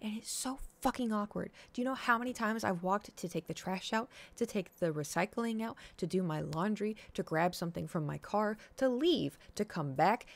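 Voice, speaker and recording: A woman in her thirties telling a story to her stream viewers in a casual chat, animated and full of swearing, acting out her own reactions. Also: medium pitch, moderate pace, gravelly, hardly any pauses, no room sound. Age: 30s. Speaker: livestreamer.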